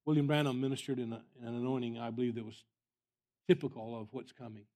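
A man's voice: medium pitch, fairly even intonation, quick pace, dark tone. Guest preacher, male, earnest storyteller, voice in the middle range. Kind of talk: storytelling sermon.

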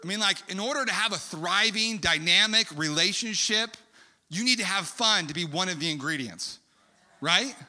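Preacher man, bright forceful voice, rambling story sermon, echoing hall. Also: high voice, moderate pace. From California. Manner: animated, rambling storyteller with many fillers. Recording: long hall reverb.

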